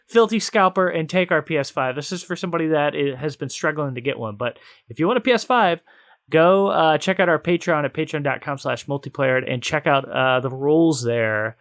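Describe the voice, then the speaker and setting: A male podcast host with a fairly high voice, chatting casually. He jokes at his own expense and now and then breaks into loud, excited bursts. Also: no echo, studio quality. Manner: playful, self-mocking, loud hype bursts.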